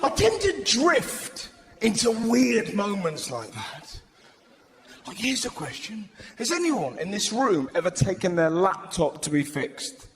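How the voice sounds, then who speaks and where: High-voiced stand-up comedian, shouting. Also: male voice, unhurried, some chatter behind, a little hiss or hum. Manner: animated, acts out voices, shouts punchlines. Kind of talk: live stand-up set. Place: large live venue stage. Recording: roomy live venue with loud ambience.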